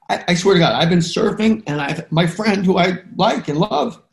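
Slightly high, animated, and brisk with vocal fry, this podcast host barely pauses as he runs his interview show. He talks passionately, emotionally, and ramblingly in an interview conversation recorded with a roomy echo.

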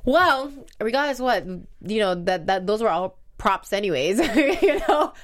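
A woman's voice: medium pitch, big pitch swings, measured pace. A woman co-hosting a casual show, chatting animatedly, laughing often and reading out listener comments. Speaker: podcast host. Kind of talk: casual recap chat.

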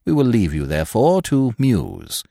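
A talkative young Englishman in a storybook, full of ornate, pompous turns of phrase and dry whimsy, as a male narrator voices him. His pitch rises and falls freely, and the recording is dry and close. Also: big pitch swings, normal speed, creaky, dark tone, breathy edge, no echo, full character voice. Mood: genial. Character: verbose, urbane young Englishman, drily whimsical.

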